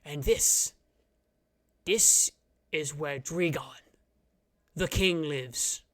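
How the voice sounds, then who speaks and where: Someone doing a soft-spoken frog tour guide. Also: medium pitch, big pitch swings, slow, no room sound. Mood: hushed. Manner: soft, hesitant, vague. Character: small battle-hardened male frog guard, tour guide.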